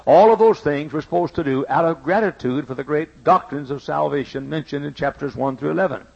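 A man's voice: on the high side, fairly quick, creaky, darkish tone. A man preaching a sermon in a folksy, storytelling way, repeating his points for emphasis. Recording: dull lo-fi recording.

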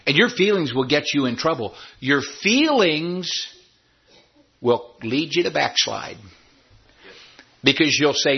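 Husky-voiced man preaching a sermon. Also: animated, measured pace, highs cut off. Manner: emphatic preaching, rising high when voicing doubters. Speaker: pastor.

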